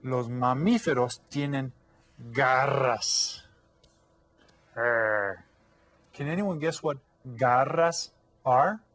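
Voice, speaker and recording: A man teaching an elementary school video lesson, speaking in a friendly, encouraging way to young children and stretching out words slowly for them to repeat. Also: medium pitch, a bit bright. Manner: slow, drawn-out modeling of words for children to repeat. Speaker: Spanish teacher.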